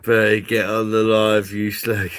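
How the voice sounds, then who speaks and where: A man's voice: fairly low pitch, little pitch movement, takes it slowly, a bit bright, no echo. A man hosting a casual live stream, chatting to viewers and swearing freely.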